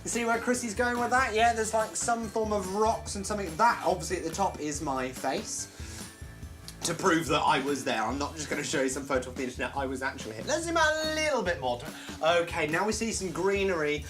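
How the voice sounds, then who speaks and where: A man's voice: a little high, brisk, music in the background. A man hosting a live comedy stream, chatting playfully and joking at his own expense while reading viewer comments. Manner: playful, self-mocking, animated, jokes at his own expense. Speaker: host of a live comedy show.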